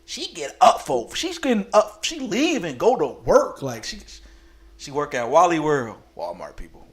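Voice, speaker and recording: Animated man telling a crude story. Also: fairly high pitch, moderate pace. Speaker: vlogger. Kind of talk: casual storytime monologue. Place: at home late at night.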